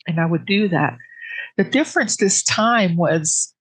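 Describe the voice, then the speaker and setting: A woman telling her personal grief story in an interview, with earnest, halting speech full of restarts that sits close to tears. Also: lowish voice, animated, slightly rough, dry recording, low-quality recording. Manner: soft and emotional, close to tears.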